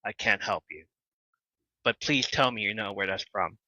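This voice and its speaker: A man hosting a casual live podcast, animated and laughing often as he chats with viewers. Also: lowish voice, normal speed, slight background noise. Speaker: podcast host. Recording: slightly dull lo-fi mic.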